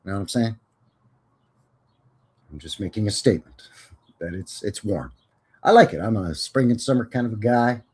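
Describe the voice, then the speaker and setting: A man's voice: fairly low pitch, normal speed, pauses often, darkish tone, breathy edge. A man hosting a casual live stream, chatting in a folksy, rambling way with jokes and cowboy slang.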